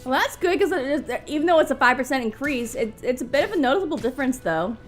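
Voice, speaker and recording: A woman with a high, very animated voice chats earnestly about the game she is watching. She speculates freely and talks in a casual, friendly flow, her pitch leaping up and down. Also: fast, faint music behind. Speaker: let's play co-host. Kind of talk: casual gaming commentary.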